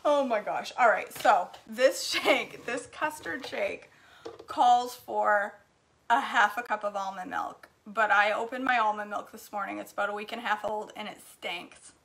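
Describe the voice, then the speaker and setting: Bright-voiced chatty woman. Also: medium pitch, a little slow, vocal fry. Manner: chatty storyteller, animated, laughs often. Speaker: cooking vlogger. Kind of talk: casual chat while cooking, reading comments. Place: home kitchen.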